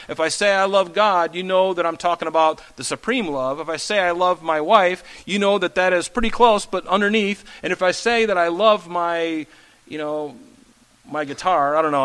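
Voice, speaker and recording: A man's voice: fairly high pitch, fairly bright tone, smooth, rough recording. A male pastor preaching a conversational sermon, often asking the congregation questions. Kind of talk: expository sermon.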